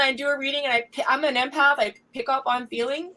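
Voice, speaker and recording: A tearful, emotional woman speaks on a livestream panel, gushing and affectionate. Her voice is high, and a faint room ambience sits behind her. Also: fairly even intonation, quick pace, bright, forceful tone, far from the mic, a little hiss or hum, low-quality recording. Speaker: panelist and card reader.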